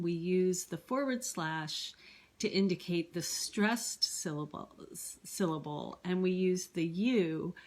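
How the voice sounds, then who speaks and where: Woman teacher, slow, patient, lowish voice, classroom lesson, hesitant ums. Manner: patient and explanatory, with frequent ums.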